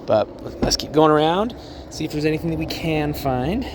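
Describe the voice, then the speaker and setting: A man working as a car salesman, giving a casual, upbeat walkthrough of a truck while laughing often. His voice is a bit hoarse, and he is recording outdoors on a cold car lot. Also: on the high side, animated, normal speed, background noise.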